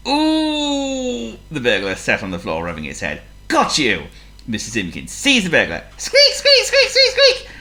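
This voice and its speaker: Brief: very low-voiced woman storyteller, bright tone, wildly lively delivery, playful questions to the listener. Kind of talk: children's storybook reading.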